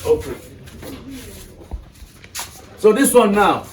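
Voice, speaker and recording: A man's voice: high voice, lively intonation, drawn-out words. Nigerian male teacher, quizzing class, recorded from afar with light hiss. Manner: questioning students, repeats "are you getting me". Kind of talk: classroom English lesson. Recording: echoey classroom from far off with noise.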